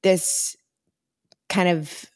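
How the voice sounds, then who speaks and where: A young pregnant woman chatting candidly with her mother, a little short of breath. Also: very slow. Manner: candid, tired, frank. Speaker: fitness trainer. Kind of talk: casual chat.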